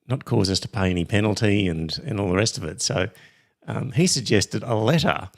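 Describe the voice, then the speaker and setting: A middle-aged Australian man hosting a podcast in casual chat, rambling and reading listener messages with many pauses and ums. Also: on the low side, lively intonation, creaky. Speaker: podcast host.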